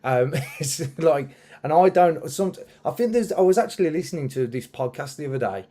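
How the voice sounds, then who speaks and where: Male host, mellow tone, rambling casual chat. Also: on the high side, animated, moderate pace. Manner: rambling, many fillers and restarts. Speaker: podcast host and musician.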